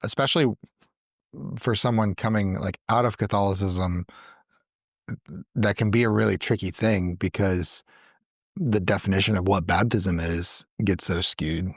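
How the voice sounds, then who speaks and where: A man with a very deep, husky voice hosts a relaxed church interview. He affirms his guest often and explains ideas in loose, restarting sentences. The sound is dry and close-miked. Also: measured pace, no echo. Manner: affirming, repeats words and restarts while explaining. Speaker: church podcast host, interviewer.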